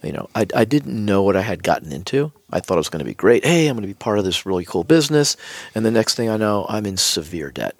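A man's voice: fairly low pitch, fast talker, creaky, no room sound. A man appearing as a guest on a podcast, telling a personal story in casual chat and acting out the lines of the people in it. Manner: animated storyteller acting out quoted dialogue. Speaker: podcast guest, business executive.

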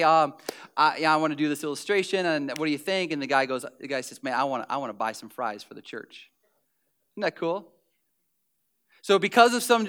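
Male pastor, high clear voice, lively preaching that dips to hushed tones. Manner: animated, acts out scenes, drops to near whisper. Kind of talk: sermon.

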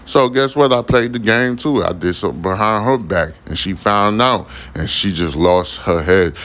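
A man's voice: on the low side, animated, normal speed, few pauses, a bit bright. A young man hosting a podcast, rambling casually in a profane, slang-heavy monologue. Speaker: podcast host.

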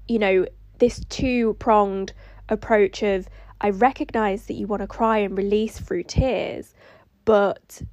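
A woman's voice: mid-range voice, a little mellow, no echo. A woman hosting a solo podcast, telling a personal story in a reflective, rambling way that includes her own inner dialogue. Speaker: podcast host.

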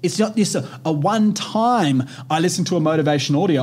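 A young man in his twenties hosts a motivational podcast in a loose, animated way. His voice sits fairly high and has a husky, slightly rough grain. He swears freely and keeps checking in with "right?" as he talks. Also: fairly quick, hardly any pauses. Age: 20s. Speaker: podcast host. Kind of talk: casual motivational podcast talk.

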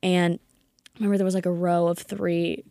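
A woman's voice: lowish voice, little pitch movement, a little fast, mellow, dry recording, clean studio sound. A young woman chatting casually as a podcast co-host, talking in a hesitant, filler-heavy way. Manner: hesitant, lots of fillers and giggles. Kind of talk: casual chat.

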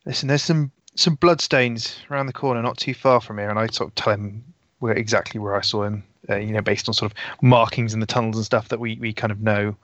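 A man playing a tabletop role-playing game, casual and quick to swear. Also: lowish voice, steady tone, a bit bright, no room sound. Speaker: player. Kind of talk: tabletop role-play in and out of character.

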